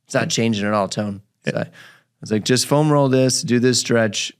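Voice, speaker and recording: A man's voice: medium pitch, normal speed, clear, resonant tone. A man hosting a physical therapy podcast, telling a patient story in casual chat and acting out the patient's lines. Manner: animated storyteller, acts out his patient's lines.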